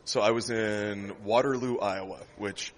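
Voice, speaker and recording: A man, a stand-up comedian, telling a lively after-show story in a comedy club, laughing often and acting out the people in it. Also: on the low side, a little slow. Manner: animated storyteller, laughs often, acts out voices.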